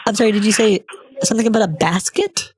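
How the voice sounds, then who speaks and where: A man's voice: sits high, fast talker, breathy edge, no echo, pitched above the performer's own voice. A man putting on the voice of a cheerful woman customer service agent, overly polite and pretending he cannot hear the caller, on a headset. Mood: cheery stalling. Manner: overly polite, stalling, feigns not hearing.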